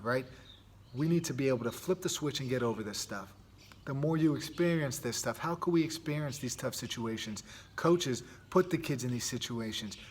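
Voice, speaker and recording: In his earnest, loose monologue, this podcast host and youth sports coach keeps restarting his sentences and asking "right?" His voice is mid-range, and there's a little background noise.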